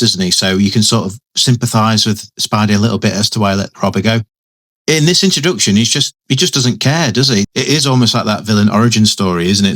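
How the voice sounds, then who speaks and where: A man's voice: on the low side, fairly bright tone. A man giving casual, chatty commentary while reviewing a comic book, often adding tag questions and restarting sentences.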